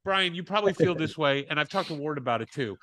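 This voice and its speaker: A man's voice: a little high, expressive, fast talker, a loud crowd. A man hosting a podcast, talking casually and enthusiastically, with effusive praise for his guest. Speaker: podcast host. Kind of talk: casual interview chat.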